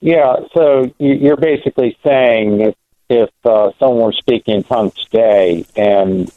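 A man's voice: mid-range voice, unhurried, no room sound. A male caller puts a Bible question to a radio show, hesitating and restarting often. He comes through a tinny phone line with a dry sound. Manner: hesitant, many ums.

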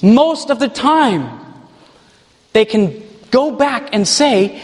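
Male preacher, high voice, animated sermon delivery, reverberant hall. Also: slow, long pauses. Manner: animated, mocking put-on voices for examples.

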